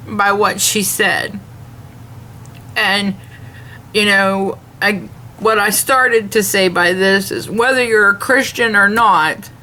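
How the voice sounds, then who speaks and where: Slow, earnest woman vlogger. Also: medium pitch, sharp tone, slight background noise. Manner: earnest, measured, retells dialogue in detail; devout, speaks of faith. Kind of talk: complaint rant to camera.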